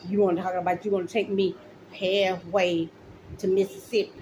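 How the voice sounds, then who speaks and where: Speaking out as a mother, this middle-aged woman delivers an angry rant to the camera, pointing the finger at officials and going over her points again and again. Her lowish, slightly mellow voice holds a level tone at moderate speed, on a rough recording with a bit of hiss or hum.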